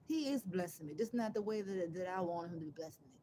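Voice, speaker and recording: A woman's voice: lowish voice, quick pace, background noise. Emphatic, sarcastic woman livestreaming. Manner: emphatic and sarcastic, swings between loud outbursts and quiet asides; rambling, repeats and restarts phrases. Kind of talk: casual live-stream monologue.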